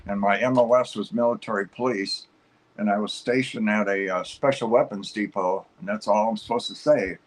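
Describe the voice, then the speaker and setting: Husky-voiced man telling stories casually. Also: on the low side, normal speed, poor audio. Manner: rambling and upbeat with many fillers and restarts. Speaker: guest telling his life story. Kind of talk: casual storytelling on a talk show.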